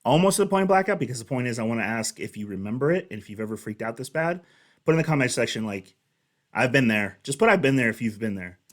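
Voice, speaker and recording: A man's voice: mid-range voice, expressive, fast talker. Young male reaction host, casual rambling chat, mid-range voice. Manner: rambling, chatty storytelling. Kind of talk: casual commentary.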